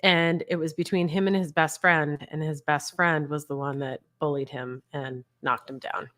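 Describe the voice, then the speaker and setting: A woman in her forties, a mother whose son was bullied, candidly tells her family's story as an interview guest on a video call, chatting with light laughs. Her voice is low and fairly bright, with fairly even intonation at a normal speed.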